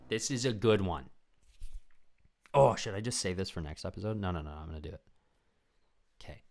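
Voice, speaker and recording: A young man hosting a podcast in a casual, rambling, profane chat. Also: sits low. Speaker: podcast host.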